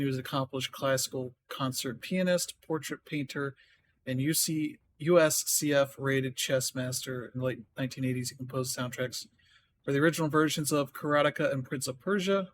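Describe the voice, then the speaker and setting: A man's voice: medium pitch, fairly even intonation, brisk, slight background noise. A man streaming a game, chatting casually and thinking aloud as he reads up on things. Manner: thinking aloud, reading notes half to himself. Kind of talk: casual live-stream commentary.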